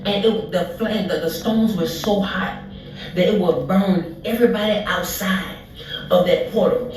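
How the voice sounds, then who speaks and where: Distant echoey testimony over music. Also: medium pitch. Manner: halting, many restarts and fillers. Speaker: storyteller recounting a dream.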